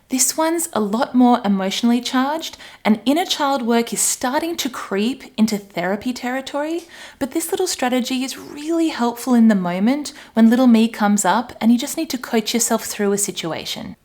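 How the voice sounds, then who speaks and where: A woman, giving a chatty coaching talk and playfully acting out examples. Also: a little high. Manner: warm-hearted, chatty, acts out voices playfully. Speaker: life coach. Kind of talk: solo coaching talk to camera.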